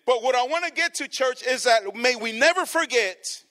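A man preaching a sermon to his congregation, swinging from soft, low passages to loud, emphatic ones. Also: animated, normal speed, hardly any pauses. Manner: addresses the congregation as church. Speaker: pastor.

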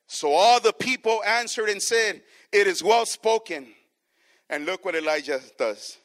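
A man's voice: high voice, expressive, a little slow, a bit bright. A male preacher delivering a sermon. He reads scripture aloud, stretches key words for emphasis, and keeps calling out questions to the congregation.

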